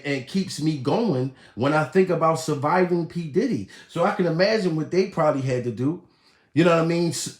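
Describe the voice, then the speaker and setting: A male comedian rants in a high, wildly swinging voice, profane and laughing, jumping from shouts to muttered asides. The sound is roomy and echoey. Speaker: comedian host. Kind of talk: loud comedic rant.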